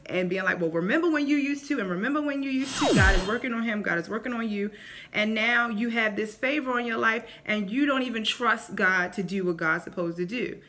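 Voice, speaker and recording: A woman vlogging casual faith advice to camera, animated and acting out quotes in voices. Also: medium pitch.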